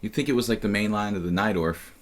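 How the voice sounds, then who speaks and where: A man with a lowish voice talks through a live chess game as he plays. He muses aloud in a halting way, trailing off and starting over, with frequent fillers between thoughts. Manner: musing, halting, many fillers and restarts. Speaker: chess streamer and commentator.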